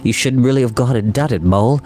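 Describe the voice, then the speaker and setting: A man voicing a calm, practical male water rat with a low, soothing voice. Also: fast, lightly acted.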